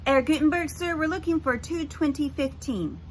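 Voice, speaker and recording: A woman's voice: high-pitched, normal speed, slight background noise, voice pushed up, natural voice, low-quality recording. A woman doing a keen, know-it-all schoolboy. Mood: eager.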